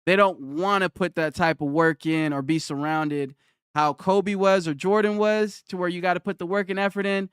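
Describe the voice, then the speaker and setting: A man streaming live who fires back at his chat, combative and mocking, repeating himself for emphasis. His voice sits high for a man, with a smooth, clean tone. The sound is dry and close. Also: fairly even intonation, moderate pace, fairly bright tone, no room sound. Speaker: livestreamer. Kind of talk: livestream rant answering chat.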